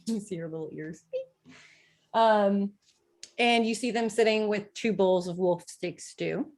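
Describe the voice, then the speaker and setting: A woman narrating a tabletop game as game master, halting with many fillers and easy giggles. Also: medium pitch, darkish tone.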